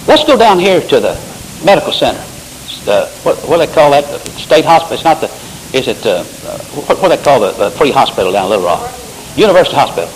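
Animated preacher man. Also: mid-range voice, fast, a little hiss or hum, rough recording. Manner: preaching with rising emphatic bursts and Bible quotes. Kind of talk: sermon.

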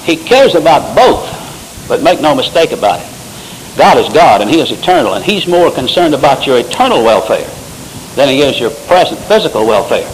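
Animated preacher man. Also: medium pitch, moderate pace, slight background noise, rough recording. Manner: preaching with rising emphatic bursts and Bible quotes. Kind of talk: sermon.

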